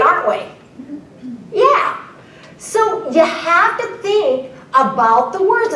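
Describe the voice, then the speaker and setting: Presenting live to an audience, a woman keynote speaker is playful and often asks the room questions. Her very high-pitched voice is a bit bright and a little off-mic, recorded from a distance in an echoey room.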